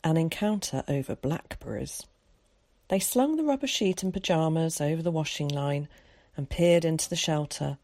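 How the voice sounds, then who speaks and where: A woman narrating an audiobook chapter in a measured, expressive storytelling voice. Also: low voice, dry recording. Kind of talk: scripted narration.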